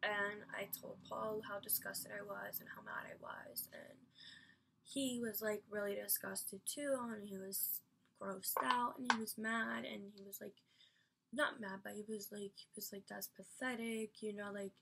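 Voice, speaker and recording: A woman's voice: mid-range voice, a little slow, gravelly, background noise. A woman vlogger telling a personal story in an emphatic, rambling way, full of fillers and casual swearing.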